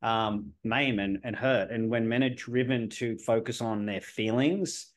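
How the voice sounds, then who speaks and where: A man's voice: mid-range voice, a little slow. Blunt, assertive podcast host man. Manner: sometimes swears. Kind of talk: casual podcast conversation.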